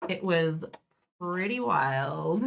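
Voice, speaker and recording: A young woman chatting through a live-stream board game unboxing, thinking aloud and laughing softly as she goes. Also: fairly low pitch, expressive, drawn-out words, creaky, slight background noise.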